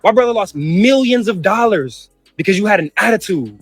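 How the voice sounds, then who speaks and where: In a family feud clip, a brother rants heatedly about his mother, swearing and repeating himself while faint music plays. His voice sits high with lively intonation, comes at a normal speed, and sounds slightly rough, with no echo.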